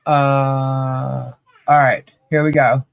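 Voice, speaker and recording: A woman with a very deep, creaky yet smooth voice talks extremely slowly, the audio dull and without echo. She co-hosts a podcast, chatting casually and with animation, and laughs often while telling stories.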